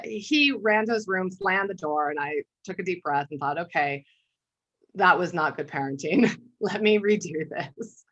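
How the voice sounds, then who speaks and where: A woman art therapist giving a conversational webinar talk, telling a story and often clearing her throat. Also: lowish voice, fairly bright tone. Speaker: art therapist and workshop presenter. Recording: dull lo-fi webinar audio.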